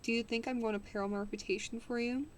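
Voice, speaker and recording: A woman's voice: a little high, fairly even intonation, fast, a little hiss or hum, natural voice. A woman reading the lines of a stern, pale man aloud from a novel, hard and contemptuous in his refusal.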